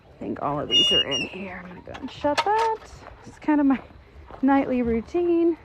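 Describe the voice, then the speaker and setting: A woman's voice: high voice, wildly swooping pitch, moderate pace, fairly bright tone, a little hiss or hum. A woman in her thirties who runs an animal rescue, chatting casually outdoors in the rain with many fillers and cooing at her birds. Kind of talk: casual vlog chat. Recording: dull lo-fi outdoor sound, faint rain and clucking.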